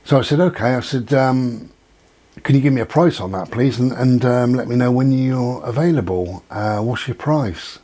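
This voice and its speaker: In a mellow, mid-range voice at normal speed, a male vlogger chats to camera in a casual monologue, his accent not local to Dorset. He tells rambling anecdotes and acts out what he and other people said.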